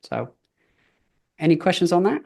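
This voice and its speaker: A man's voice: high-pitched, big pitch swings, moderate pace, vocal fry, a little mellow. A middle-aged man giving a live business coaching session, casual and chatty, telling stories with fillers. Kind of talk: live training talk.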